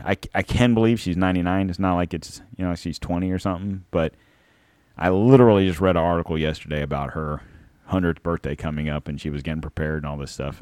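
Male host, deep voice, dry recording; sarcastic off-the-cuff commentary with plenty of cursing. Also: dry recording. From Florida. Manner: sarcastic, rambling, swears freely. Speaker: podcast host. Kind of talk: casual rambling commentary.

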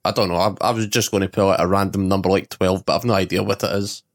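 Male co-host, animated sweary storyteller, casual chat. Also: sits low, fast talker. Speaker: podcast co-host.

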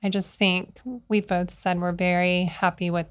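A woman with a smooth, clear, slightly low voice speaks as a guest on a casual podcast. She keeps her remarks short and easygoing. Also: level tone, moderate pace. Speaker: guest, wallcovering studio co-owner.

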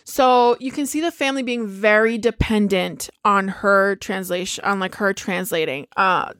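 A woman in casual chat, retelling a movie in a lively way, swearing freely and acting out the characters' lines. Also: medium pitch, moderate pace. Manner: animated storyteller, swears freely, acts out quotes.

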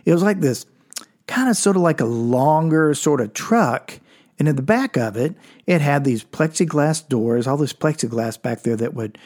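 A man's voice: on the high side, expressive, moderate pace, a little mellow. Rambling older man telling stories. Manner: rambling, frequent restarts and profanity, chuckling. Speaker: storyteller. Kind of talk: casual personal storytelling.

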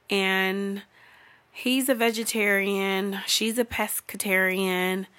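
A young woman telling a comedic, profane story about her day, swinging between hushed asides and loud, exasperated outbursts. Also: medium pitch. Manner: breaks into laughter while talking.

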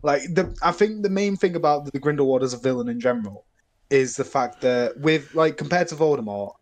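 A young man, a filmmaker guest on a podcast, rambling and animated in casual film talk, laughing often. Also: medium pitch, a little fast. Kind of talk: casual film review chat.

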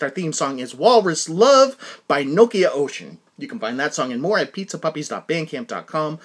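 A man's voice: on the high side, fairly bright tone, slightly rough. A man hosting a solo podcast, rambling with many restarts and working himself up into a heated rant. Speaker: podcast host.

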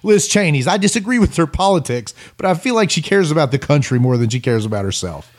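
A man's voice: on the high side, lively intonation, fast. A man co-hosting a casual talk show, telling a long joke animatedly with stutters and restarts. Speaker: podcast co-host.

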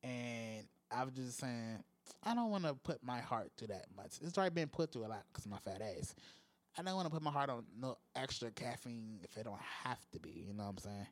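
A man's voice: fairly quick, no room sound. A man hosting a podcast, venting in a casual, profane solo rant with big swings in tone. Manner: profane, exasperated venting with lively pitch swings. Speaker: podcast host.

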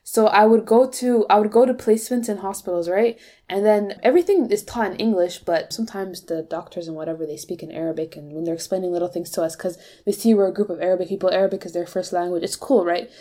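A young woman co-hosting a casual podcast, an animated storyteller who jumps between tangents. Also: medium pitch, fast, hardly any pauses. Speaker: podcast host.

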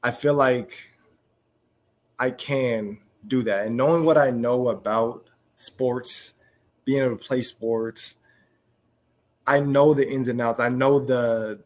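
Soft-spoken, halting young man. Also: mid-range voice, fairly even intonation. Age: young adult. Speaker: guest, pro football wide receiver. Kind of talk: casual interview talk.

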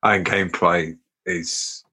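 A man's voice: low-pitched, level tone, unhurried, sharp tone, slightly rough. A man co-hosting a casual gaming podcast, easygoing and often repeating words as he thinks aloud. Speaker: podcast co-host, actor.

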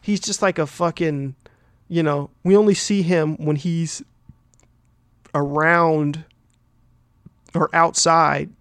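A man with a fairly high voice talks through a film plot like a podcast host, rambling and swearing freely. He stacks up fillers and keeps checking in with "right?". The sound is dry and close, with no room around it. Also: steady tone, slow pace, pauses often, a bit bright, clean tone, no room sound. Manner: rambling, profane, heavy fillers and "right?" tags. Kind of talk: casual film recap.

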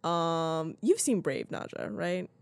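A woman's voice: fairly low pitch, animated, slow, a little mellow, clear, resonant tone, no room sound, clean studio sound. A young woman co-hosting a podcast in casual chat, rambling with lots of fillers. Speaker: podcast co-host.

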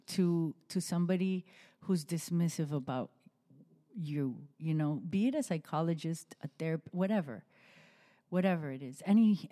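A young adult woman speaks in a heartfelt, halting way, sharing a personal story as a podcast host. Her voice sits a little low and sounds mellow and warm. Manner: heartfelt, halting, with restarts and soft laughs. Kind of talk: emotional personal testimony in an interview.

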